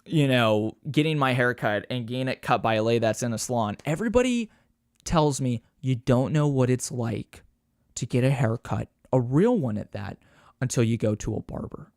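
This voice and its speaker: Rambling young man with a lively voice. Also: mid-range voice, moderate pace, dry recording, clean studio sound. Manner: rambling, swearing, self-mocking; animated, mimics people with a raised voice. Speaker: podcast host. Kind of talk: casual solo podcast chat.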